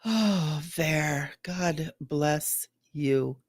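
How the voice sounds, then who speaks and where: A middle-aged woman, a psychic medium, chatting casually and gently during a live reading, repeating her phrases. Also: low-pitched, drawn-out words, dry recording, studio quality.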